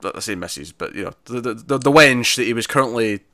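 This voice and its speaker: A man's voice: medium pitch, expressive, fast, sharp tone, no echo, clean studio sound. A man co-hosting a podcast, chatting casually about TV episodes and rambling with frequent restarts. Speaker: podcast co-host. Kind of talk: casual TV review chat.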